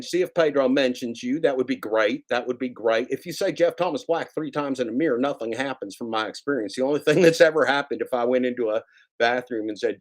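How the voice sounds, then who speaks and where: A man hosting a casual livestream, rambling and repeating himself as he teases viewers and reads the chat. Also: mid-range voice. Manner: rambling, repetitive, teasing. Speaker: livestream host.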